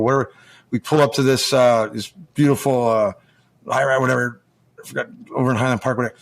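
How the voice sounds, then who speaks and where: An American man spins long, loose stories in an easy, mid-pitched voice. He keeps stopping, restarting and acting out what other people said. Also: fairly quick. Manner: rambling, full of restarts and acted-out quotes. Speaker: guest, former hockey player. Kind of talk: casual storytelling.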